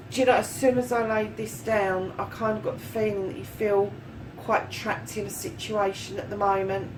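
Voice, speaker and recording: A woman's voice: medium pitch, far from the mic, slight background noise, low-quality recording. A woman giving a casual, encouraging tarot reading, chatty and swearing freely as she talks. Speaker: tarot reader.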